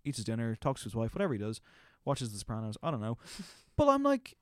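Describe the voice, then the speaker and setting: A man's voice: lowish voice, rapid-fire, a little mellow, no echo, clean studio sound. A man in casual conversation, rambling through his thoughts with lots of fillers and swearing. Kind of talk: casual chat.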